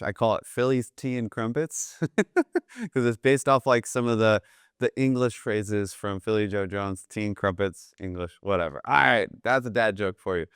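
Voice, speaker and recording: A man teaching jazz drumming in a relaxed, explanatory way, often checking in with "right?". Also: lowish voice, clear, resonant tone, no room sound, studio quality. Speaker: drum teacher. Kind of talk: casual instructional talk.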